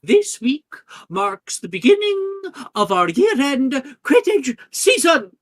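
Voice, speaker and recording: A man voicing a brisk, proper older headmistress addressing a school hall. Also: very high-pitched, big pitch swings, voice pushed up, heavily acted. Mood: announcing.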